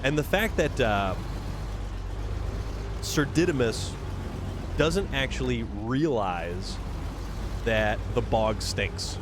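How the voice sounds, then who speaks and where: A man's voice: mid-range voice, animated, slow pace, pauses often. A man hosting a casual gameplay livestream, rambling and repeating words as he chats with viewers. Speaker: livestream gamer host. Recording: game vehicle noise behind voice.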